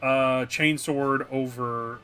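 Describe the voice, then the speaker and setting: A man co-hosting a casual gaming chat, recapping a video game in a rambling, animated way and acting out scenes as he goes. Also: medium pitch, slow pace, clear, resonant tone, faint music behind. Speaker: co-host.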